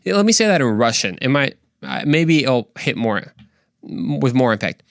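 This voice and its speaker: A young man hosts a faith podcast with lively energy. He preaches with conviction and cracks jokes along the way. His voice sits at a middle pitch and sounds dry and close. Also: normal speed, dry recording. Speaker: podcast host. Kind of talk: casual faith talk podcast.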